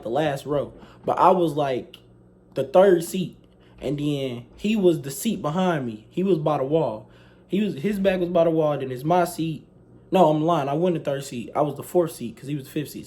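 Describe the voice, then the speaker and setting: A young man, casually retelling a school story, animated, slangy and profane. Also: fairly high pitch. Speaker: vlogger telling a story.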